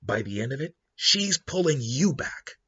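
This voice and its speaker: Husky-voiced man pitching a story idea. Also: measured pace, muffled recording. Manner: animated, acts out quoted characters in passing. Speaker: podcast host. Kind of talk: casual story pitch monologue.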